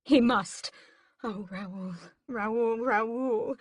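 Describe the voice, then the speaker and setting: Woman reader doing a grand, scheming vampire matriarch for an audiobook, high and dry-voiced. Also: animated, moderate pace, a bit bright, no echo. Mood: distraught. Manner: grand, high-pitched, swings from sobbing to gloating. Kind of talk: audiobook character voice.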